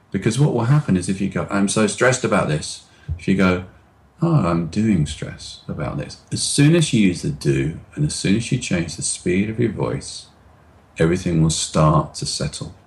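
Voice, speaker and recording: A middle-aged man talking as a guest expert in an interview over a video call, explaining ideas and sometimes slowing down on purpose. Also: low-pitched, a little mellow. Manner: demonstrative, acts out anxious voices and slows down on purpose.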